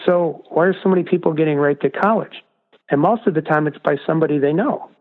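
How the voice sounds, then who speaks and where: A man's voice: a little high, quick pace. A man, a guest author, talking earnestly and emphatically in a casual interview. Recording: distant echoey phone line.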